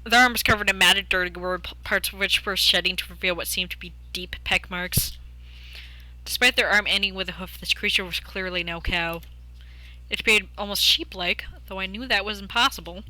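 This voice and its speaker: A woman's voice: medium pitch, fairly even intonation, a little fast, sharp tone, no room sound. A young woman streamer, reading a game's story aloud and breaking off for jokey, chatty asides. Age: young adult.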